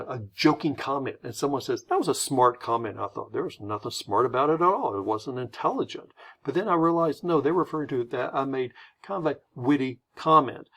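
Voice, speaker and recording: A man presenting a slide lesson on word choice, explaining in a friendly, conversational way. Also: medium pitch. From United States. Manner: friendly, explanatory, lively intonation.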